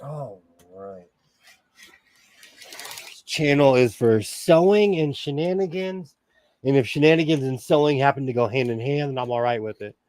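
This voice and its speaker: A man's voice: mid-range voice, lively intonation, normal speed, darkish tone, dry recording. A man hosting a casual sewing livestream, chatting and reading comments while he works, laughing often. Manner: chatty, laughs often, reads chat aloud.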